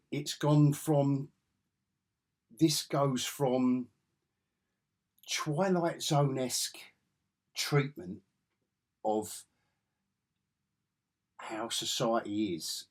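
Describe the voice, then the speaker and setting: An English man with an enthusiastic, rambling way of talking, reviewing comic books in a casual vlog. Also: mid-range voice. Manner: rambling, enthusiastic, self-correcting.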